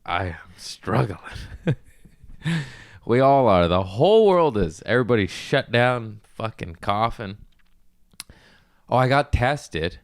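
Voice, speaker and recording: A man's voice: medium pitch, animated, slow pace, long pauses, clean tone, dry recording, clean studio sound. A young man hosting a podcast, chatting in a rambling, self-mocking, giggly way. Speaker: comedian podcast host. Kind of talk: casual comedic chat.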